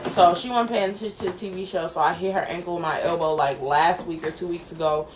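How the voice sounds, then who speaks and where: A woman's voice: fairly low pitch, fairly even intonation, fast talker. A young woman getting her hair braided tells playful stories in a casual livestream chat, often breaking into giggles. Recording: echoey room with faint background noise.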